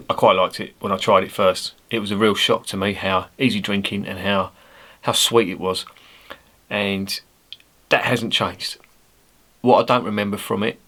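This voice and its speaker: A man's voice: fairly low pitch, a bit bright. A man, giving a casual, rambling, sweary beer review monologue. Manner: rambling, sweary, blunt banter.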